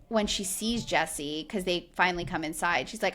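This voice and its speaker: A woman's voice: on the low side, normal speed, few pauses, a bit bright. A woman co-hosting a podcast, recapping a reality show in casual, indignant chat full of "like". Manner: indignant, chatty, heavy use of "like". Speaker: podcast co-host.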